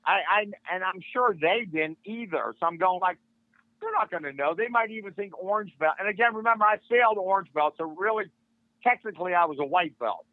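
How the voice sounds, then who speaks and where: Speaking fairly quickly in a voice that sits high, an older martial arts instructor spins a casual tale as a podcast guest. He's animated and performs the quoted lines of the people involved. The audio is thin and phone-like, and dry.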